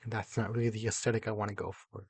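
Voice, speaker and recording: A young man giving casual commentary as he builds in a video game, excitable, muttering to himself and then bursting into loud exclamations. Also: fairly low pitch, very fast, slightly rough, no room sound. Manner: excitable, talks to himself while building, jumps between mumbling and loud exclamations. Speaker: gaming YouTuber.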